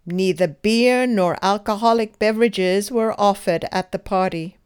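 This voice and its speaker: A woman reads out grammar drills at an unhurried, measured pace, leaving room for repetition. Her voice is smooth and crisp, and every word is carefully enunciated. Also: mid-range voice, a little mellow. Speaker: English teacher. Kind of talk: slow scripted grammar drill.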